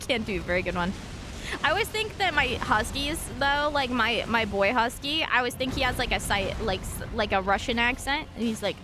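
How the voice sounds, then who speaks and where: A woman's voice: fairly high pitch, expressive, moderate pace, music in the background. A young woman from Montana, a streamer, chatting casually with viewers in a rambling way, full of fillers. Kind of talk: casual gaming stream chat.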